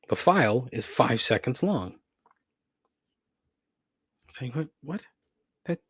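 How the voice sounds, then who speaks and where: This is a solo podcast rant from its host, a man who curses freely, vents his frustration, and chuckles ruefully at his own expense. He has a medium-pitched, slightly rough voice, captured in studio quality with no echo.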